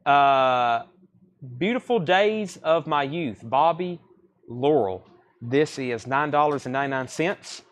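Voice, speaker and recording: A man's voice: mid-range voice, expressive, takes it slowly. A man hosting a live record sale stream, rattling off titles and prices with casual asides. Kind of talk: live sales stream chat.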